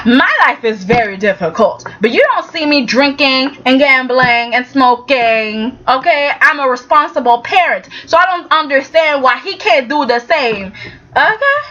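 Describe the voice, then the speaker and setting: Brief: high, bright-voiced woman doing a chatty vlog recap. Animated, tags lines with "okay?". Dull lo-fi sound. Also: slight background noise. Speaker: soap opera reviewer.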